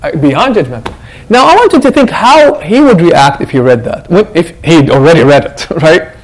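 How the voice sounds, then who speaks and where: A male imam gives a Quran reflection in a lively, conversational way. His voice sits high and rises and falls a great deal. He often breaks into the voices of the people he quotes. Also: moderate pace, low-quality recording. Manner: animated, conversational, acts out quotes. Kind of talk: Quran reflection talk to a congregation.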